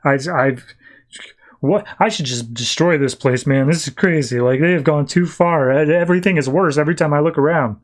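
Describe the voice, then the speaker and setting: A man's voice: on the high side, normal speed, close to an everyday voice. A man voicing a tough, weary grown superheroine in his own everyday voice, in exasperated, offhand casual slang. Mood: panicked.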